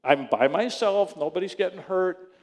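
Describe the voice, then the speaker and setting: A middle-aged man, a pastor preaching a sermon, telling a story in an animated way and acting out both sides of phone calls. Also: sits high, moderate pace. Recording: long reverb of a hall.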